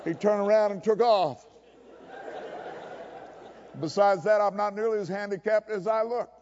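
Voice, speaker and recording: Male preacher, high voice, folksy and emphatic, muffled hall recording. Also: fairly even intonation, unhurried, a little mellow, slight background noise. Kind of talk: sermon. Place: chapel service.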